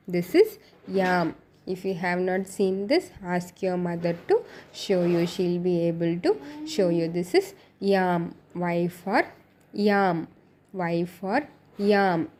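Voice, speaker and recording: A woman's voice: lowish voice, a little mellow, a little hiss or hum. A woman teaching young children a phonics lesson, repeating each word and asking the class simple questions. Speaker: kindergarten teacher.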